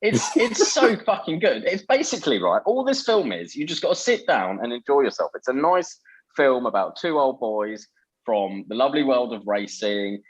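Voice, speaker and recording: A man co-hosting a casual film podcast, animated and sweary, often stumbling over restarts. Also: mid-range voice, moderate pace, breathy edge. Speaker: podcast co-host. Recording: slightly muffled lo-fi recording.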